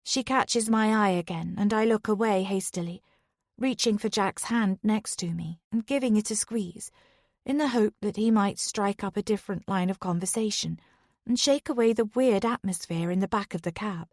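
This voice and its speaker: A woman reading a first-person thriller audiobook in a steady, even way. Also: medium pitch, moderate pace, dry recording, clean studio sound. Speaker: audiobook narrator.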